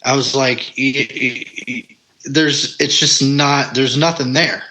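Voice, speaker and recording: A man with a bright, forward voice talks casually as a podcast guest. He is blunt and candid, swears now and then, and keeps restarting his sentences with plenty of ums and uhs. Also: medium pitch, steady tone, takes it slowly, low-quality recording. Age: adult parent. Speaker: podcast guest, paranormal investigator. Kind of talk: casual conversation.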